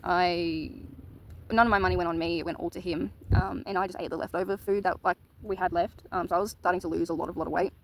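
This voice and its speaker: A woman's voice: lowish voice, fairly even intonation, fast talker, poor audio. Candid woman telling a story. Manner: candid, swears casually. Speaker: vlogger. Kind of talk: casual storytime monologue.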